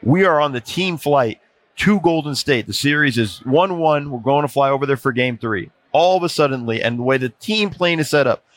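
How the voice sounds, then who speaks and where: A man guest on a casual sports podcast, telling animated anecdotes and often restarting his sentences. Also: mid-range voice, normal speed, dry recording. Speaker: podcast guest, former NBA video coordinator. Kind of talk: casual storytelling chat.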